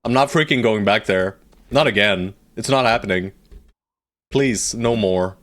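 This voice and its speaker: A man offers live gameplay commentary while streaming a strategy game, joking with viewers and ordering his units about with casual cursing. His lowish voice is a bit bright and unhurried.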